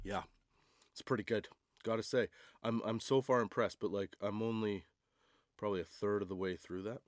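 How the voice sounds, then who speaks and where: A man's voice: fairly low pitch, steady tone, moderate pace, pauses often, dry recording, studio quality. A man hosting a comedy podcast, rambling through a casual monologue with laughs and restarts. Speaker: podcast host.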